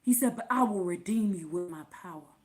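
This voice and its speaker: A woman preaching scripture with fervor, repeating words for emphasis and swinging from shouts to hushed whispers. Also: mid-range voice, expressive, brisk.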